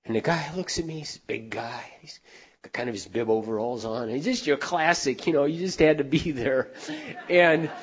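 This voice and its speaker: A middle-aged man telling heartfelt stories in a sermon, earnest, dropping to a hush and then rising loud for emphasis. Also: medium pitch, normal speed, breathy edge, highs cut off. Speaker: speaker.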